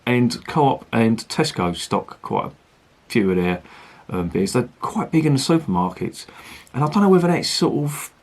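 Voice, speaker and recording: A man's voice: medium pitch, expressive, moderate pace, hardly any pauses. A man reviewing beer in a rambling, chatty and sweary way. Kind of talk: casual review chat.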